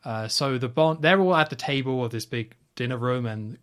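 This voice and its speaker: A man in the middle of an ordinary pitch range hosts a casual podcast. He talks through a film recap in a rambling, chatty way and offers blunt opinions along the way. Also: moderate pace, a bit bright. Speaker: podcast host.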